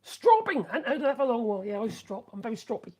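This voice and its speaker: A man's voice: sits high, rapid-fire, darkish tone. A man talks casually through a woodworking live stream. He rambles, stops to correct himself, and hums little tunes between thoughts. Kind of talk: casual live-stream chat while working.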